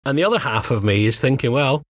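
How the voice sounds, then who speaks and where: A man's voice: medium pitch, sing-song, fast, no echo, studio quality. A man co-hosting a podcast, chatting casually in a hesitant, playful way. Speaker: podcast co-host. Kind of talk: casual chat.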